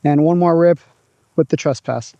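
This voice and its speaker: Man, casual outdoor vlogger, chatty and upbeat, warm dry voice. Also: a little high, moderate pace, no room sound. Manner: upbeat, chatty, narrating his own throws. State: out of breath at times. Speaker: disc golf vlogger. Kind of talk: casual outdoor vlog commentary. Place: open field outdoors.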